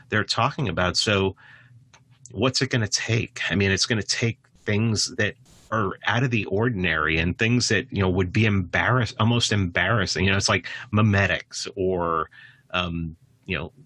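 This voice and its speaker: Bright-voiced man, rambling and animated. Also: normal speed, no room sound. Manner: rambling, with frequent restarts and filler phrases; animated, with sudden jumps in pitch. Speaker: podcast guest. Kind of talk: casual conversation.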